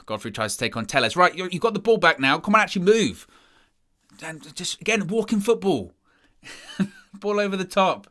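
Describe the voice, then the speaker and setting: A man's voice: high voice, very animated, normal speed, pauses often, bright, forceful tone. A man giving live watchalong commentary as a fan presenter, exasperated and sarcastic about his team's play.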